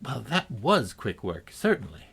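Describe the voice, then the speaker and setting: A man's voice: mid-range voice, wildly swooping pitch, measured pace, gravelly, fairly bright tone, slightly rough, full character voice. A man reading a storybook, voicing a polite and curious young girl with a prim, questioning manner.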